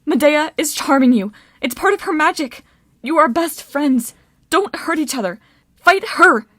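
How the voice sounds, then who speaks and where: A desperate teenage girl, read by a woman pleads with everything she has, her voice pitched up and urgent. The sound is dry and close. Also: expressive, a little slow, fairly bright tone, no echo. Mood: pleading. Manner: pleading, emotional.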